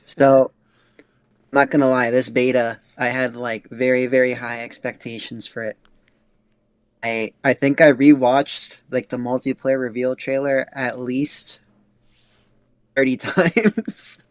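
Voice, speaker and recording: A man's voice: mid-range voice, steady tone, measured pace, no echo. Young man, podcast host, casual chat, filler-heavy, dry sound. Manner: loose, filler-heavy questioning.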